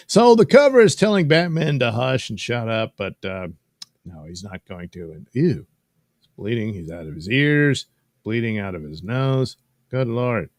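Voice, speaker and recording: A man's voice: mid-range voice, creaky, no echo. A man casually recapping a comic book with rambling, folksy, wry asides as host of his own show.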